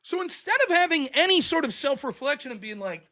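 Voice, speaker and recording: A man's voice: extremely high pitch, very animated, a little fast, hardly any pauses, sharp tone. A man hosting a show, delivering a blunt, profane, sarcastic political commentary rant. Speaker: show host.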